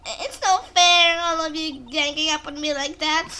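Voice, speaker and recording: A woman voicing a shrill young female witness who is cornered and caught lying, with flustered, shrieking denials. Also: fairly even intonation, measured pace, pushed and bright.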